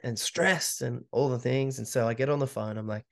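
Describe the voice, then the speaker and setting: A man's voice: medium pitch, lively intonation, brisk, gravelly, few pauses. A man, a podcast guest telling a candid, swearing story and acting out the quotes. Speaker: podcast guest, ultra runner. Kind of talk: casual storytelling.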